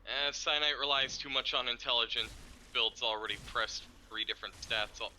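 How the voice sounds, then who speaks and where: A man streaming a game, explaining plans in a rambling, profane, excitable way. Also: mid-range voice, normal speed, a little hiss or hum, low-quality recording. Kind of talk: casual chat while gaming.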